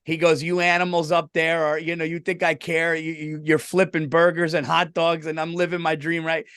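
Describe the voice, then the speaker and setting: A man's voice: fairly high pitch, level tone, normal speed, fairly bright tone, smooth, dry recording, clean studio sound. A man co-hosting a casual sports podcast, telling stories loosely and laughing often. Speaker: podcast co-host.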